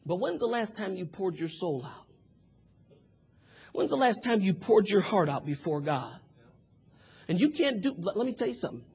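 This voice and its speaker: A man with a high, husky voice delivers a sermon, starting low and quiet before rising into loud, shouted fervor. He acts out prayers and the voices of people in his story as he preaches. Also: lively intonation, moderate pace, long pauses. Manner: acts out prayers and dialogue in the telling.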